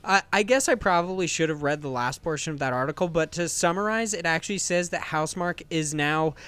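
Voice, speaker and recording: A man's voice: on the high side, fast, fairly bright tone, clear, resonant tone. A man hosting a games podcast, chatting casually and enthusiastically, rambling with restarts. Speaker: podcast host.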